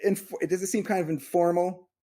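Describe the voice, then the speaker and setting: A man's voice: high voice, steady tone, fairly quick, dark tone. A man in his thirties, a comedian and podcast co-host, telling a rambling, self-mocking story in casual chat.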